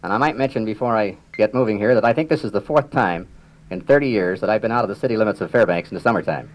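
An older man, a riverboat captain, reminiscing in a measured storytelling manner with dry humor and frequent throat clearing. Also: on the low side, a little hiss or hum, low-quality recording. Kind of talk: reminiscing public talk.

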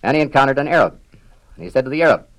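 An older man, a riverboat captain, reminiscing in a measured storytelling manner with dry humor and frequent throat clearing. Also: medium pitch, expressive, fairly bright tone, rough recording. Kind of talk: reminiscing public talk.

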